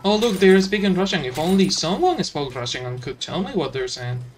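A man's voice: fairly high pitch, animated, fairly quick, a little hiss or hum. A man commenting on a game while playing, ranting sarcastically with lots of swearing. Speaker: let's play commentator. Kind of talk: gameplay commentary.

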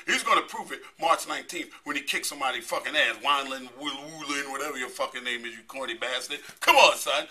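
A middle-aged man hosts a comedy promo bit, launching into a brash, profane rant built around a repeated catchphrase. His voice is a little high, bright and pushed, with a husky edge.

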